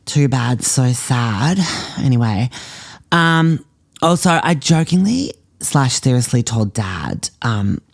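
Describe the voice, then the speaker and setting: A man's voice: mid-range voice, animated, slow pace, vocal fry, dry recording, studio quality, exaggerated voice. A man playing a spoiled, self-obsessed teenage girl influencer with an Australian accent, chattering with whiny valley-girl fillers in a comedy podcast. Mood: furious. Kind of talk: comedy podcast monologue in character.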